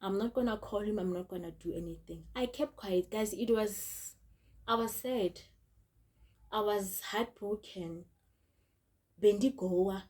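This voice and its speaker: Young woman, storytime vlog, warm mellow voice, chatty, repeats herself. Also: mid-range voice, a little slow. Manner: chatty, repeats phrases, often addresses viewers as guys. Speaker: vlogger.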